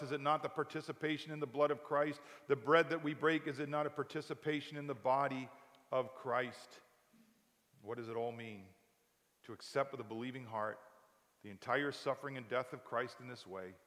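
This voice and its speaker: A male pastor delivers a sermon in a church sanctuary, impassioned and swinging from loud to hushed. His voice sits at an ordinary middle pitch for a man. A long hall reverb hangs behind every phrase.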